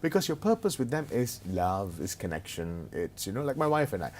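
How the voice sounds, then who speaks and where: Brief: middle-aged man, lowish voice, animated storyteller, playful and self-deprecating, interview guest. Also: brisk, slight background noise. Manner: animated, humorous anecdotes, self-mocking asides. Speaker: business consultant and author as guest.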